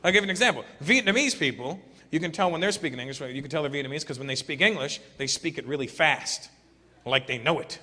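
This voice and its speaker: A man doing stand-up comedy to a large live audience, loud and animated, slipping into mocking voices. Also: a little high, quick pace. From Canada. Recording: echoey live hall recording with crowd noise.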